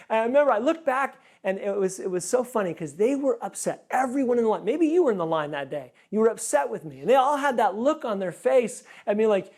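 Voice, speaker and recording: A pastor giving an earnest sermon, often repeating words for emphasis. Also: male voice, high voice, very animated, brisk, hardly any pauses, a little mellow.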